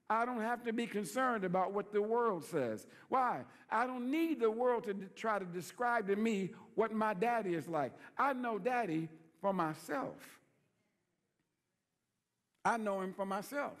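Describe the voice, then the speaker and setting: Pastor, male, lively folksy preacher with a high voice, recorded in an echoing sanctuary. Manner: folksy, playful preaching with call-and-response questions. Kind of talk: sermon.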